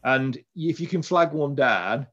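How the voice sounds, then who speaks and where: A man's voice: mid-range voice, expressive, a little slow, a bit bright, highs cut off. A man, hosting a casual podcast chat and rambling through restarts. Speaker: podcast host.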